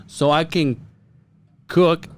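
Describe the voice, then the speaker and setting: A man's voice: a little high, fairly even intonation, slow pace. A man co-hosting a podcast, telling a story in a loose, profane, laughing way. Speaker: podcast co-host. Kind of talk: casual storytelling chat.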